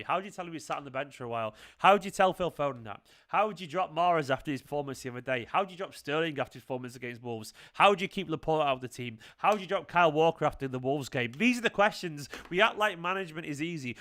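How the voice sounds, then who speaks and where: A man's voice: fairly high pitch, sharp tone. A man hosting a fan channel, giving a passionate, emphatic post-match reaction, swearing and repeating points for effect.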